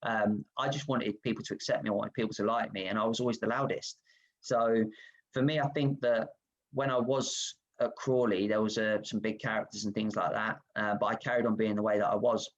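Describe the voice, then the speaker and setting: A man's voice: lowish voice, dull audio. A man, a former footballer, telling candid stories about himself over a video call. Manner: self-reflective, frank, animated anecdotes. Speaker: guest footballer. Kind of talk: candid storytelling.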